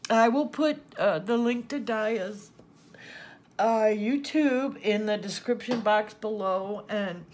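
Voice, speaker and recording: A crafting channel host with a fairly high voice talks slowly to her viewers as she unboxes gifts off camera. Teary and sniffling, she gasps and laughs with joy, and slight background noise is present.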